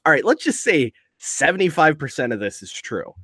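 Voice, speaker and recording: A man's voice: a little high, very animated, moderate pace, bright, forceful tone, slightly rough, dry recording, studio quality. A man co-hosting a podcast, reading wrestling news aloud and ranting sarcastically about it, with frequent swearing. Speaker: podcast co-host. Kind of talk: casual podcast chat.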